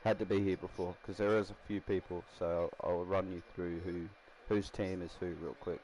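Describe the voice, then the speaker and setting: Rambling gaming streamer. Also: male voice, deep voice, flat delivery, moderate pace, a little mellow, rough recording. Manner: rambling, laughs often, self-correcting. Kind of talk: casual gaming commentary.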